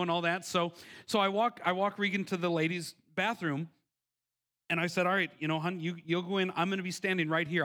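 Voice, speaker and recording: High-voiced bright male pastor preaching. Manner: storytelling, earnest, repetitive restarts. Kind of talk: sermon.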